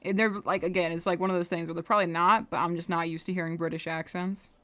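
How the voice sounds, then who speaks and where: A woman's voice: fairly low pitch, flat delivery, fast, a bit bright. A young woman livestreaming her animation work, chatting casually, rambling and muttering to herself as she draws. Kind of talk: casual chat while drawing on stream.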